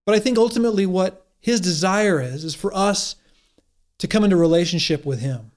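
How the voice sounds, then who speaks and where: A man with a notably high voice delivers a sermon. He speaks earnestly and encouragingly, restarting phrases as he gathers his thoughts. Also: animated, normal speed, a little mellow. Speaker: pastor.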